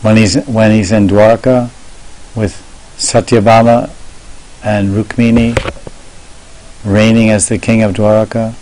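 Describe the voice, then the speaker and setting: Low-voiced man giving a devotional talk. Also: flat delivery, a little mellow, slight background noise, poor audio. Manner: measured storytelling, slows down to stress words. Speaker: monk lecturer. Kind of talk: devotional sermon.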